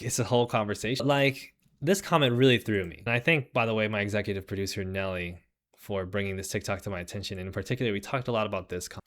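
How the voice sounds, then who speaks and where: A man hosting a livestream, talking in a rambling, animated way with a lot of "right?" and sarcastic mock voices as he reads the chat. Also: mid-range voice. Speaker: host. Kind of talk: livestream commentary.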